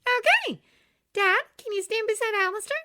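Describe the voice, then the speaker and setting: A woman voicing an eager, bossy young princess in a fan-made audio story, speaking high, bright and insistent. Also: animated, normal speed, background noise.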